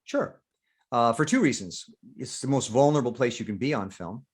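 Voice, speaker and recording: Speaking at normal speed, this guest actor has a mid-range voice with a breathy edge. He's an older veteran performer from the United States, candid in his interview, animatedly voicing his inner thoughts and cursing without restraint.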